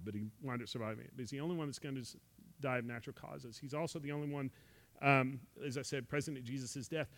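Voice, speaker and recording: Guy teaching bible stuff casually, keeps saying right?, acts out the quotes, mid voice. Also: mid-range voice. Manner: conversational, many asides of "right?"; acts out quoted speech in dialogue.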